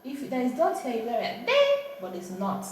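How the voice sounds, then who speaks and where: A woman's voice: a little high, expressive, normal speed, a little mellow. A woman with a Nigerian accent teaching a language lesson at home, firmly correcting and repeating words with exaggerated tones. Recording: echoey room, distant mic, faint noise.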